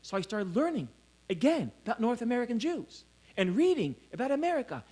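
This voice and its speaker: A man's voice: very high voice, very animated, a little fast, a little mellow, breathy edge. A middle-aged man who grew up in Israel gives a conference lecture, telling stories about himself and laughing often. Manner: storytelling, self-mocking, laughs often. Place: conference hall.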